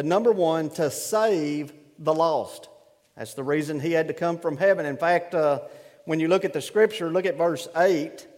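A man's voice: a little high, big-room sound. A man preaching a sermon, reading scripture and telling folksy stories. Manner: folksy, animated storyteller. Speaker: pastor. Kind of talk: sermon with storytelling.

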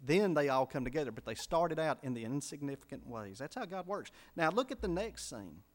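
High-voiced preacher. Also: male voice, big pitch swings, fairly quick. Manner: preaching with rising emphatic swells and quiet drops. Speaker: pastor. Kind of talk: sermon.

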